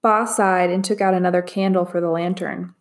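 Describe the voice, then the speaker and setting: Female narrator for a children's chapter book, measured and expressive. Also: on the low side. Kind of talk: storybook read-aloud narration.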